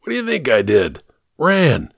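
A man's voice: mid-range voice, huge pitch swings, unhurried, gravelly, husky, no room sound, clean studio sound, full character voice. A man voicing a desperate, dying fugitive. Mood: bitter, defensive. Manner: plaintive, rising to shouting. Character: dying cowardly male fugitive, coughing, desperate.

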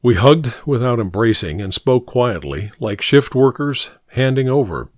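A man's voice: medium pitch, animated, a little slow, no room sound. A man narrating a first-person story in a dry, wry way.

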